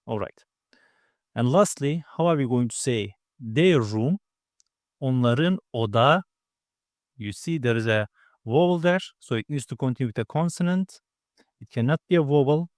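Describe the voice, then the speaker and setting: A man teaching a grammar lesson, explaining patiently step by step and repeating words slowly. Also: medium pitch, animated, a little mellow, dry recording, clean studio sound. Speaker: language teacher.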